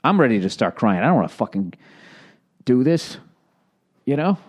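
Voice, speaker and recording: A man's voice: medium pitch, big pitch swings, moderate pace. A man in his forties hosting a casual solo podcast, with a Boston accent, rambling and sarcastic, swearing freely as he tells stories. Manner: rambling, profane, sarcastic storytelling. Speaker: podcast host.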